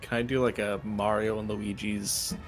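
A man's voice: lowish voice, little pitch movement, moderate pace, faint music behind. A man playing in a tabletop game, speaking casually and with some hesitation. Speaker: player.

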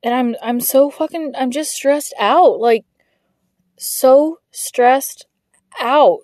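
A woman's voice: high-pitched, slow, pauses often, warm tone, dry recording. Frustrated woman ranting with heavy swearing. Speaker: podcast host. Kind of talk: venting monologue.

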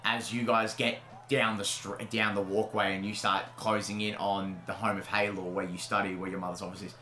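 A man's voice: on the low side, little pitch movement, bright, forceful tone. A man narrating as game master of a tabletop game in a casual, filler-heavy way, in a roomy-sounding recording. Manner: casual, fast, lots of fillers. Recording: roomy echo.

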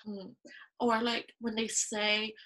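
A woman's voice: on the high side, flat delivery, slow, bright, forceful tone, low-quality recording. A young woman in casual chat, chatty with many fillers. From Ireland. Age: young adult.

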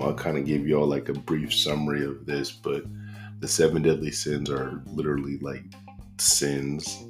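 Very deep, flat-voiced casual podcast guy. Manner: laid-back slangy talk, lots of "bro" and "like". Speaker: podcast host. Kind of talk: casual solo podcast chat. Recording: faint guitar music behind.

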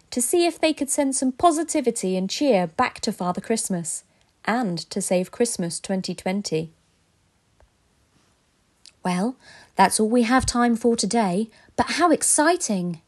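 A woman telling a children's story as a podcast storyteller, in a gentle, expressive way. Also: mid-range voice.

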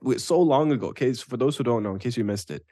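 A man co-hosting a casual football podcast, opinionated and animated, often checking in with "right?". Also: mid-range voice, very fast, no echo, clean studio sound. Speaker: podcast co-host. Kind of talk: casual sports chat.

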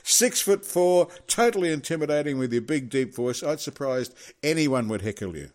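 A man's voice: mid-range voice, expressive, brisk, a little mellow. A man, hosting a podcast in a chatty, effusive way during a casual interview. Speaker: podcast host.

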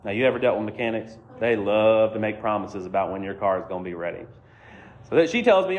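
A man's voice: on the low side, expressive, fast, a little mellow, muffled recording. A man preaching a sermon as a conversational, self-deprecating story. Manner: conversational, self-deprecating, acts out quoted voices. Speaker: pastor.

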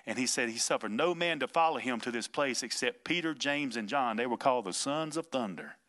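A male pastor preaching in a loose, conversational style. His voice is bright and forward, and his delivery is folksy and emphatic. He chuckles between points. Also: mid-range voice, lively intonation, brisk. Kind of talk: informal preaching on a podcast.

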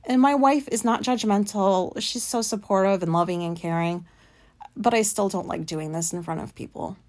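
A woman's voice: medium pitch, normal speed, a little mellow. Late 30s woman ranting on her podcast, anxious, swears a lot, lots of "like"s. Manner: rambling, profane venting with many fillers. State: anxious and frustrated. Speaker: podcast host. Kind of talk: casual solo podcast monologue.

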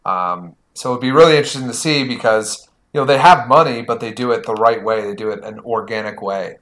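A man's voice: medium pitch, a little fast, fairly bright tone. An American man co-hosting a podcast in casual chat, rambling and saying "like" a lot. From United States. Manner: rambling, says "like" often. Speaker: podcast co-host.

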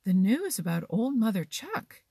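A woman voicing hurried, breathless little wind sprites in a storybook reading. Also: medium pitch, big pitch swings, creaky, warm tone, husky, no room sound, clean studio sound, voice pushed up, exaggerated voice.

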